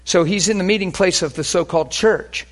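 A man preaching and telling healing stories, swinging between hushed and loud. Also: sits high, fairly quick. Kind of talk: sermon with healing testimony.

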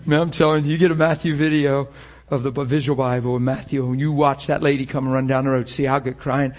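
A man's voice: medium pitch, level tone, fast, a little mellow. A man preaching a sermon with passion, firing rhetorical questions and acting out the scenes he describes.

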